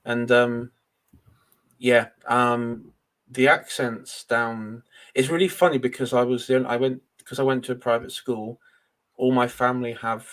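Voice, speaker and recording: A man's voice: mid-range voice, steady tone, unhurried, fairly bright tone. Man, from Cornwall, middle-class English accent, mid-range voice, podcast guest, hesitant, many ums. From Cornwall, England. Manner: hesitant, lots of ums and uhs. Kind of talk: casual podcast chat.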